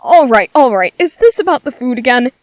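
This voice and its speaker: A woman's voice: sits high, lively intonation, fairly quick, no echo. A woman voicing a shy, bookish young male soldier in an ASMR audio drama, nervous and stammering. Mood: exasperated.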